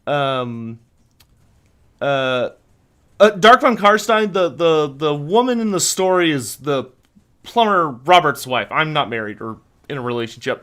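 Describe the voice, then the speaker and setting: A young man chats on a livestream with a slightly high voice. He tells his story in a loose, rambling way, full of ums and restarts. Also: slow pace. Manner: rambling storyteller, many fillers, animated retelling. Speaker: livestream host. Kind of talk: casual livestream chat.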